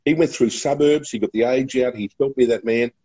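A man's voice: medium pitch, a little fast, mellow, husky, highs cut off. A middle-aged man with an Australian accent, a radio broadcaster telling chatty, laughing anecdotes in a casual interview. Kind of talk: casual storytelling.

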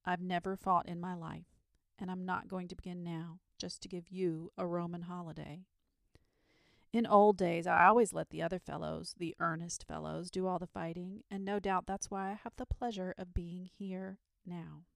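A woman reading a storybook aloud, voicing a lazy, genteel dragon who speaks in a languid, unhurried way. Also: fairly low pitch, fairly even intonation, creaky, no echo, clean studio sound. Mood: solemn.

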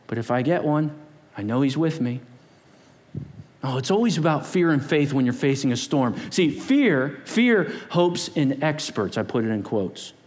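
Animated, lively-voiced preacher man. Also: on the high side. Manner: animated, playful, acts out voices. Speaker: pastor. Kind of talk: sermon.

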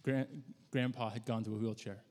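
A man preaching a sermon, telling a story in a conversational, halting way with frequent restarts. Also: medium pitch, fairly even intonation, darkish tone. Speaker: pastor. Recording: long hall reverb.

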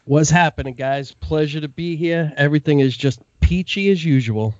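A man's voice: on the high side, moderate pace, no echo. A man with a New York accent, a Brooklyn native guesting on a podcast, who talks in a streetwise, joking, profane way. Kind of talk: casual podcast chat. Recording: slightly dull, lo-fi sound.

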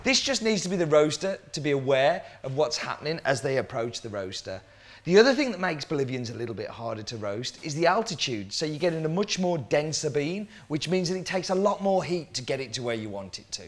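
A man's voice: fairly high pitch, sing-song, brisk. A man who works as a coffee roaster, explaining his work in a casual way and asking the viewer questions.

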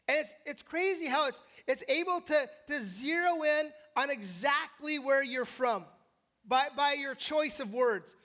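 An American preacher with a notably high voice, talking through a sermon in a casual, conversational way. The preacher often tags sentences with quick questions to the listeners and restarts phrases on the fly. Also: bright, forceful tone. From United States. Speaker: pastor.

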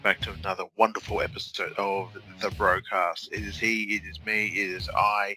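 Bright-toned Australian man, rambling chat. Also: sits low, flat delivery, moderate pace, hardly any pauses, soft background music. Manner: chatty, rambling, playful voices. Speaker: podcast co-host. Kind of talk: casual podcast chat.

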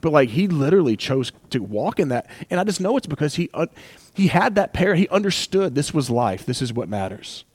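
A man's voice: a little high, very animated, fairly quick, a little mellow, breathy edge, no echo. A man preaching a sermon as pastor, conversational and emotional, with asides and acted-out quotes.

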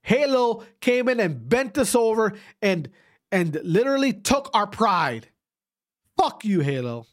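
A young man giving a profane, heated esports rant, repeating himself and dropping to quiet asides. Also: sits high, big pitch swings, a little slow. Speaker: esports commentator. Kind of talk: ranting casual commentary.

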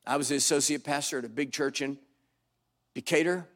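An older man preaching a storytelling sermon to a congregation, wry and dramatic with sudden loud bursts. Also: a little high, brisk. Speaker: pastor. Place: church sanctuary before a congregation.

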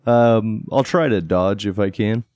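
Slow, low-voiced male player, dry close recording. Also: darkish tone, no echo. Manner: slow, unhurried, playful. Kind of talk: casual tabletop play.

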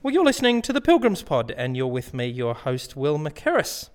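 A man hosts the show in a polite, earnest manner, chuckling as he talks. His voice sits a little high for a man. His intonation is lively and rises and falls a lot. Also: moderate pace, noisy background. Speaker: host. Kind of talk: scripted comic radio-show hosting.

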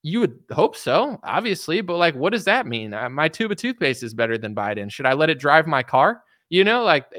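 A man's voice: fairly high pitch, a bit bright, no room sound, clean studio sound. A man giving a blunt, sarcastic political commentary rant, mocking and casual.

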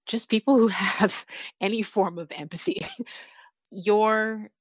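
A woman's voice: medium pitch, moderate pace, husky, dry recording. A woman hosting a podcast in casual interview chat, earnest and openly emotional, laughing often. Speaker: podcast host.

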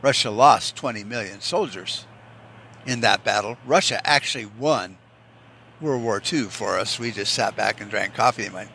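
Blunt, bright-voiced man ranting. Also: lowish voice, normal speed, creaky, a little hiss or hum. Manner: blunt, profane and sarcastic; acts out others in mocking quoted voices. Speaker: podcast host. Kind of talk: opinionated solo podcast rant.

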